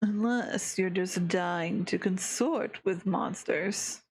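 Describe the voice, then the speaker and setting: A woman's voice: medium pitch, slow pace, vocal fry, slight background noise. A woman voicing a languid, sneering young male monster, drawling every line with derision while reading a visual novel aloud. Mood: derisive.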